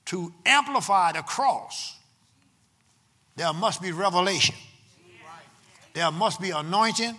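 A man preaching a sermon from the pulpit, swinging between loud, drawn-out proclamations and quick, quiet asides to the congregation. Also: high-pitched, animated, big-room sound. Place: church sanctuary.

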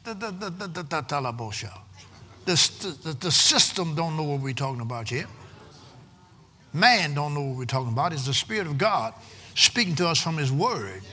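A preacher, delivering a sermon with rhythmic call-and-response and frequent shouting. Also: male voice, a little high, expressive, normal speed, slightly rough. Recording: long hall reverb.

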